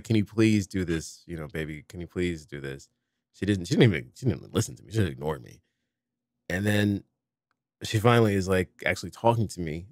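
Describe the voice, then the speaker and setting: A man's voice: low-pitched, no room sound, studio quality. A middle-aged man hosting a podcast, telling a family story in casual conversation and acting out the dialogue. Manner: animated storytelling, acts out dialogue. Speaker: podcast host.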